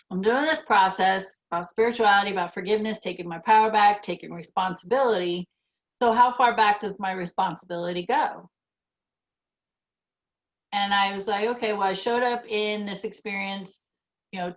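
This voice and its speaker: A woman in her fifties speaks in a casual, reflective chat with an earnest, personal storytelling manner. Her voice sits at a middling pitch. The recording sounds slightly muffled. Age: 50s. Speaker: co-host of a spiritual podcast.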